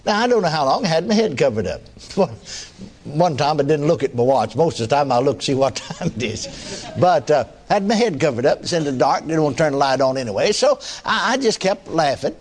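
A man's voice: on the high side, big pitch swings, fairly quick. A man preaching a sermon testimony in a folksy storytelling way, often chuckling.

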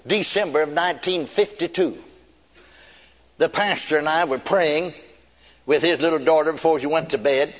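Older male preacher, folksy and repetitive delivery, high voice, long hall reverb. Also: fairly bright tone. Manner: folksy storytelling with emphatic repetition. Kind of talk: sermon.

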